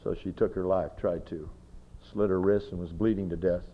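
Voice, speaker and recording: A man's voice: low-pitched, fairly even intonation, moderate pace, dull audio. A male pastor preaching a sermon, telling personal stories emphatically and speaking straight to his listeners. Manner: emphatic storytelling, direct address to listeners.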